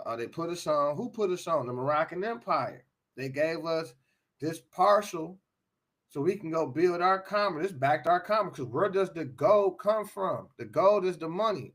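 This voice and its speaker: A man's voice: a little high, a bit bright. An American man giving an impassioned talk, emphatic, often repeating and restarting his phrases. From United States.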